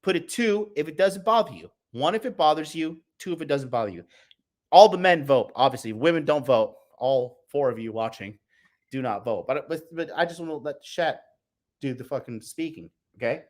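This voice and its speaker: Reading the chat aloud with brash, mocking profanity, this livestream dating show host keeps addressing viewers as "bro." He speaks at normal speed in a fairly high, expressive voice.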